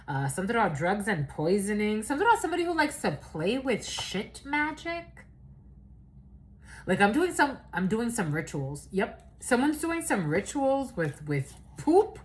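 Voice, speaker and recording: A woman's voice: mid-range voice, a little hiss or hum, low-quality recording. A woman giving a casual, rambling channeled reading, loose and profane, laughing often. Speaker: tarot reader.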